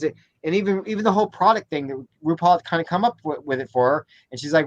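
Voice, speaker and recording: A man's voice: rapid-fire, few pauses, no echo, lo-fi sound. A man co-hosting a casual chat show, talking animatedly and acting out quotes with frequent restarts. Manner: animated, acts out quotes in high voices, many restarts. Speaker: podcast co-host.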